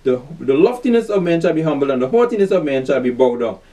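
A man's voice: fairly high pitch, very animated, fast, dark tone, far from the mic, rough recording. A man preaching and teaching scripture, reading verses aloud and asking the listeners questions to answer. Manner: call-and-response questions, repeats "you see that"; reads verses aloud then comments emphatically.

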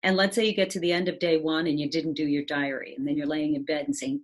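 Her voice is deep and a little fast, with few pauses, as she gives a conversational video-call talk on resilience and change. She's reflective and frequently asks the listener "right?".

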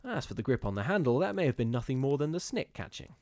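A man reading a gothic ghost story aloud in a measured, steady storytelling manner with occasional brief restarts. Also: mid-range voice, no room sound. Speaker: reader of ghost stories.

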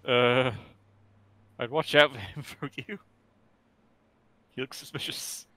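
A man sitting in on a game stream, giving quick, dry tips and advice in casual chat. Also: mid-range voice, bright, forceful tone. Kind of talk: casual chat over gameplay.

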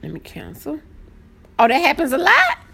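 A woman chatting casually on a live stream, greeting viewers by name and getting excited easily. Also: high-pitched, normal speed, creaky. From Southern United States. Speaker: planner live-stream host.

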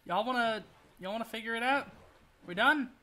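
A man's voice: extremely high pitch, moderate pace, pushed and bright. A man streaming a video game, rambling and joking through his play and swearing when things go wrong. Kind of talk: casual gameplay commentary.

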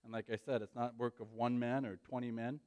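A man's voice: medium pitch, little pitch movement, brisk, warm tone, clear, resonant tone, no echo. A man preaching a sermon as pastor, urgent and pleading, often checking in with "right?".

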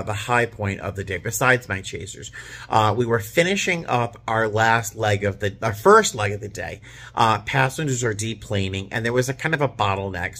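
Tired guy from boston rambling about his work day, kinda husky voice, lots of ums. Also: medium pitch. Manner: chatty, animated storytelling with many fillers. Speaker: flight attendant. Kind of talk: casual vlog chat.

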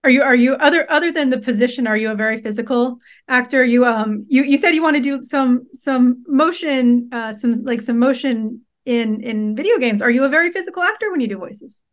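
A woman's voice: high-pitched, a little fast, hardly any pauses. A woman hosting an interview, asking chatty, rambling questions with a self-deprecating touch. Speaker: interview host. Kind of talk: casual interview.

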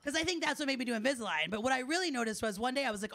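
A young woman doing a stand-up set, loud and chatty with the audience. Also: sits high, animated, rapid-fire, gravelly. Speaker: stand-up comedian. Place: live show in front of an audience.

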